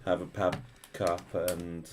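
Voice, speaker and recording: Deep-voiced male co-host, deadpan teasing, heard off-mic with clear background noise. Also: slow pace. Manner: dry teasing, short replies. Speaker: co-host of a Lego build livestream. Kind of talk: casual chat while building.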